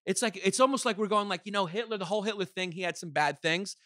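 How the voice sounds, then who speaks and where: A male comedian guest on a podcast, ranting in a loud, profane, mock-outraged way. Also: high-pitched, fast, no echo. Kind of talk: profane comic rant.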